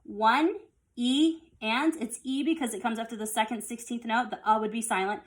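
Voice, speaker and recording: A woman's voice: on the high side, steady tone, fast. A woman teaching a music rhythm lesson, explaining step by step and counting beats aloud.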